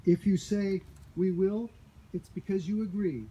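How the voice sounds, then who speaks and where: A man officiating a wedding, his voice deep-toned and very mellow, set a touch high. He reads the vows out phrase by phrase and drops light jokes between them. A faint hiss sits under the sound. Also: fairly even intonation, measured pace, poor audio. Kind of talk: leading a wedding ceremony.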